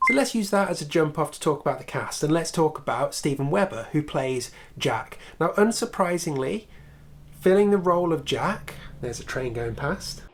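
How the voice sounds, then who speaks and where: A man's voice: a little high, animated, normal speed, hardly any pauses, a little hiss or hum. A man hosting a casual film review video, chatty and opinionated, with sarcastic swearing asides.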